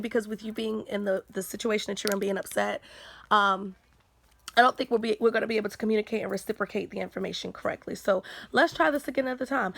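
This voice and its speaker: A woman's voice: on the high side, fast talker, vocal fry, dry recording. A woman giving a casual spoken faith testimony on her livestream, earnest and repeating her points for emphasis.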